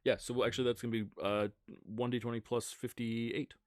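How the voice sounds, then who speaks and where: A man running a tabletop game on a livestream, rattling off rules quickly and slowing down for dramatic narration. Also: mid-range voice, flat delivery, no room sound, clean studio sound. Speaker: game master.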